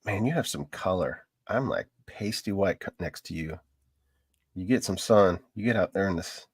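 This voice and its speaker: A man's voice: low voice, normal speed, slightly rough, no room sound, studio quality. A man co-hosting a casual political chat, easygoing and laughing along, still getting over an illness. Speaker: co-host.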